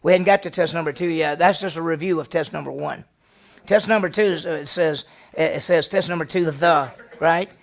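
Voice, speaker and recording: A man, a pastor, teaching a Bible study class, reading scripture aloud and quizzing his listeners with lively questions. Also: high-pitched, vocal fry.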